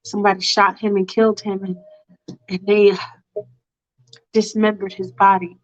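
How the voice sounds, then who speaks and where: A woman's voice: medium pitch, flat delivery, normal speed, natural voice. A woman voicing a polite, hesitant police officer delivering bad news. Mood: apologetic. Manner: soft, apologetic, hesitant. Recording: dull lo-fi recording.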